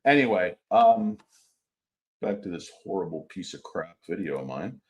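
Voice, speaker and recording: A man's voice: deep voice, huge pitch swings, normal speed, creaky, a little mellow. A man giving a casual, rambling stock market commentary, opinionated and full of filler words.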